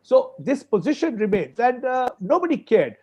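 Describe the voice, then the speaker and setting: A man's voice: very high-pitched, very animated, moderate pace, darkish tone, slightly rough, highs cut off. A man with an Indian English accent, arguing emphatically as a farmers' spokesperson on a panel discussion, repeating key points for stress.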